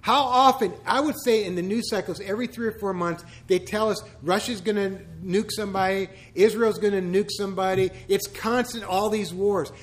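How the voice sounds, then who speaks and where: A man's voice: high voice, fairly even intonation, moderate pace, few pauses. A man, a pastor, giving a conversational church teaching full of humorous asides and rhetorical questions.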